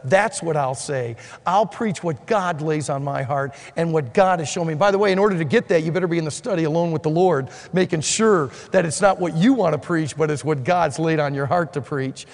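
A man preaching a sermon to ministry students, animated and acting out the dialogue of Bible figures. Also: sits high, in a large hall.

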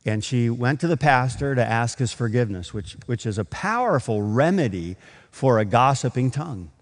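A man's voice: medium pitch, animated, normal speed. Man preaching in a reverberant hall. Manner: storytelling with acted quotes, builds to emphatic preaching. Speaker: pastor. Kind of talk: sermon.

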